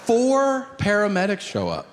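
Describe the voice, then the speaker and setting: Middle-aged comic guy telling a story onstage, slow and drawn out, pretty high voice, noisy live room. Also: in a large hall. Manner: animated, jumps into loud acted quotes. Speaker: stand-up comedian. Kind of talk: stand-up storytelling. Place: comedy stage. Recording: live stage recording with audience noise.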